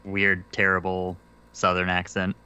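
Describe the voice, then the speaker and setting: A man's voice: low-pitched, monotone, unhurried, bright, forceful tone, clean tone. A man co-hosting a podcast, throwing in wry, sarcastic quips. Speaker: podcast co-host. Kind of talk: casual podcast chat.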